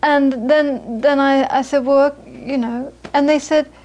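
Brief: woman, Buddhist teacher with a high voice, animated storyteller who turns gentle and earnest in teaching. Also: takes it slowly, muffled recording. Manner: lively storytelling, acts out the people she quotes. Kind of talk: dharma talk to a small audience.

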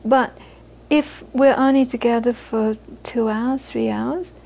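A meditation teacher gives a casual spoken talk to a group, chatty and full of anecdotes, often laughing. Her voice is on the high side and a little mellow, with vocal fry and a steady tone, and she takes it slowly.

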